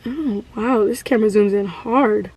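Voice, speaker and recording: A woman's voice: medium pitch, a little slow, a little mellow, breathy edge. A young woman vlogger chatting casually to her camera, gushing and full of slang.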